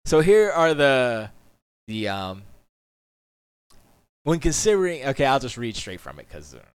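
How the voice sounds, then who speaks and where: A man rambles through casual stream chat from his home studio, opinionated and quick to mock what others say. His pitch swings lively up and down. The sound is close and dry, with no room around it. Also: smooth, no room sound.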